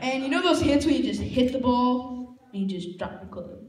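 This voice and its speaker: A man's voice: extremely high pitch, animated, moderate pace. A man performing a stand-up comedy set on stage with a handheld mic. He tells rambling, self-deprecating stories and acts out the people in them. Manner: rambling self-deprecating storytelling with acted-out quotes. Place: comedy stage before a laughing audience. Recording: echoey room with faint noise.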